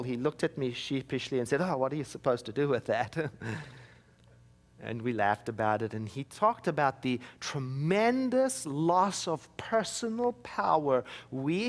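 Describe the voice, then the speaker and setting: A man giving a sermon as minister, telling personal stories with wry, self-mocking humor. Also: on the high side. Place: church.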